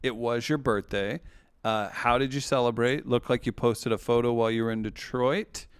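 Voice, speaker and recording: A man's voice: medium pitch, steady tone, moderate pace, clean tone, no room sound, studio quality. A man reading listener questions on a podcast, playful and teasing in casual chat.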